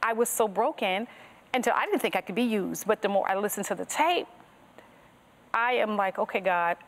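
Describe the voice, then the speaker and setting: A woman's voice: medium pitch, animated, moderate pace. A woman guest on a podcast interview, sharing her personal faith testimony in an earnest storytelling manner that strings thoughts together with "and so".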